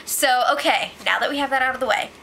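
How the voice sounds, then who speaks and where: A woman's voice: sits high, fast talker, creaky, sharp tone, slight background noise. A woman recapping a reality show in a casual vlog, chatty and opinionated, saying "like" a lot. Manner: chatty and opinionated, heavy use of "like".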